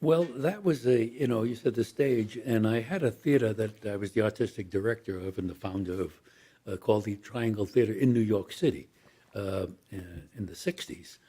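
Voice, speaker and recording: Husky older man telling stories. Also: on the low side, normal speed, mellow. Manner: rambling anecdotal, acts out quoted voices. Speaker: actor guest. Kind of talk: storytelling interview.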